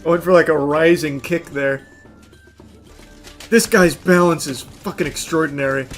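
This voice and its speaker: A man streaming a game, shouting, swearing and laughing in bursts between dry asides. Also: fairly high pitch, steady tone, moderate pace, faint music behind. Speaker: gaming streamer. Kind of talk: live gameplay commentary.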